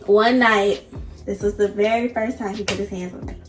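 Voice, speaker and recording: A woman vlogger telling a personal story in an animated, emphatic way, addressing viewers directly. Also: mid-range voice, normal speed, roomy sound, soft background music. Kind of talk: casual storytime.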